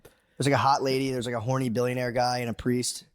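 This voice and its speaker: Brief: thirties man, quick rambling comedic storyteller on a podcast, acts out quotes. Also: mid-range voice, little pitch movement, no room sound, studio quality. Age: 30s. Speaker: podcast co-host. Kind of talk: casual comedic chat.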